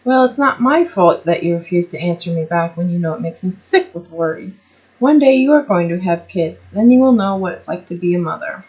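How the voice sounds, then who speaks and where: A woman's voice: on the low side, lively intonation, brisk, darkish tone, lightly acted. A woman voicing a caring, fussy mother who scolds her daughter, in a slightly muffled recording. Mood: fussing.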